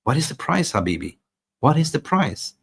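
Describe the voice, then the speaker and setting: A man hosting a live football transfer show, excitable and rambling, repeating words for emphasis. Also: on the high side, moderate pace, gravelly, slight background noise. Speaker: host.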